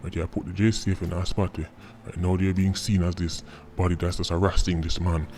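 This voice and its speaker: A man's voice: low-pitched, flat delivery, brisk, dark tone, slight background noise. A man with a Jamaican accent giving casual, mocking commentary in patois, often tagging his lines with "right?". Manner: mocking, repeating tag words like "right?".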